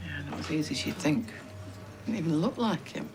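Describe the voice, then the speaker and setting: A woman's voice: deep voice, expressive, a little fast, a little mellow. An actress playing a weary grieving woman, subdued and worn down. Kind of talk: TV soap acting. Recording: noisy background.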